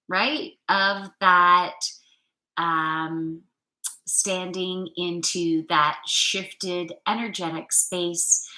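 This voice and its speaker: Female card reader, upbeat and chatty, slow unhurried delivery, bright tone. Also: on the low side, echoey room, poor audio. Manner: chatty, upbeat, loose and playful. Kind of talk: channelled weekly card reading.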